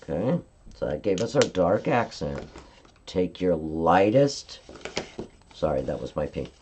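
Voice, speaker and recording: A woman's voice: rumbling low, sing-song, a little slow, darkish tone, a little hiss or hum. A woman giving a live-stream card-making tutorial, explaining each coloring step in a chatty way and often checking in with "okay?".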